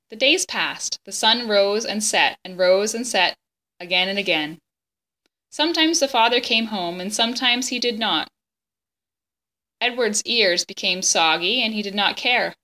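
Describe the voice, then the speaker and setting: A woman reads a children's chapter book aloud, gentle and expressive, pausing now and then to talk the story over with young listeners. Her voice is bright and clear, at an ordinary middle pitch. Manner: gentle, expressive, pauses to explain.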